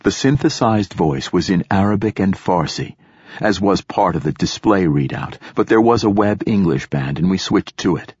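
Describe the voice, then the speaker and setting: A man narrating an audiobook in a steady, even storytelling manner. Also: low-pitched, normal speed, slightly rough, dry recording, clean studio sound. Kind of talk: scripted narration.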